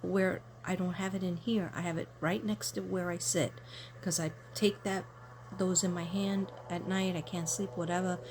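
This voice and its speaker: Lower-pitched chatty woman telling stories. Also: steady tone, normal speed, a little mellow, slight background noise. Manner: rambling, chatty, talks to viewers directly. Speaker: card reader. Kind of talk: casual storytelling to camera.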